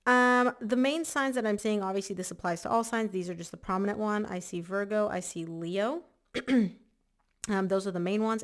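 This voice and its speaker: Chatty woman tarot reader, a bit hoarse. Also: mid-range voice. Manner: chatty, emphatic, repeats words for stress. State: slightly hoarse, clearing her throat. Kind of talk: casual monthly tarot reading.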